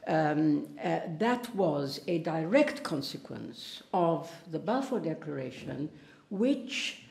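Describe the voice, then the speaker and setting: A woman's voice: low voice, expressive, slow, vocal fry, a little mellow. A woman from Palestine giving an earnest talk at a public debate, now and then stumbling and restarting a word. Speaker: invited speaker. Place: lecture hall. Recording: roomy hall echo.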